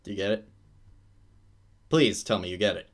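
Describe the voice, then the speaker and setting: A man's voice: on the low side, normal speed. A man chatting casually and teasingly while reading a game with a friend. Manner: teasing, joking. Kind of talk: casual chat.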